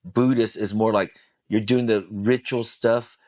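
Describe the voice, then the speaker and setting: A man's voice: lowish voice, steady tone, a little slow, a little mellow, no room sound. A man guesting on a podcast, telling an intense personal story with emphatic, profane speech. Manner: intense, emphatic, swears freely.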